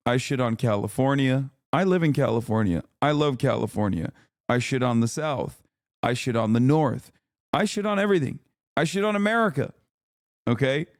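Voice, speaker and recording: This streamer has a medium-pitched male voice, recorded dry and at studio quality. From home, he reacts to a video in casual live-stream chat, talking to viewers brashly and profanely with frequent laughter.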